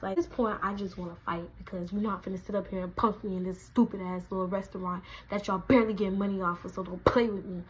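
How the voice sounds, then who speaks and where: A young woman, telling a casual storytime, animated and acting out quotes in a raised voice. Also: medium pitch, fast, hardly any pauses, soft background music, low-quality recording. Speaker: vlogger.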